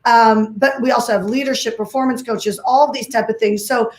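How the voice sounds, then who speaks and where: Woman guest speaker, high voice, emphatic and repetitive, roomy video-call sound. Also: fairly even intonation, brisk. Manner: emphatic, repeats phrases, many "like"s. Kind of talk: energetic summit talk.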